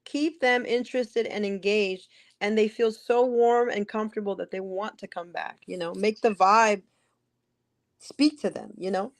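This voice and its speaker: A woman's voice: medium pitch, steady tone, normal speed. A woman from New Jersey, a podcast guest and ring announcer, telling stories in casual interview chat with many restarts. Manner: chatty storyteller with many restarts.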